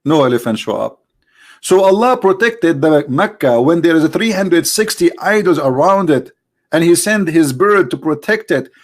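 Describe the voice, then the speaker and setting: A man from the Middle East with an Arabic accent, hosting a live stream in a mocking, theatrical monologue that jumps between high exclamations and low asides. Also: expressive, normal speed. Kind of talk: sarcastic monologue.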